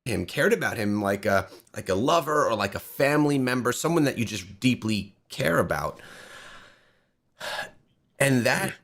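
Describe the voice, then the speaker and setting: Brief: man, lively pitch, husky tone, thoughtful commentary. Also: moderate pace. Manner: sympathetic, reflective commentary. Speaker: commentator in played video.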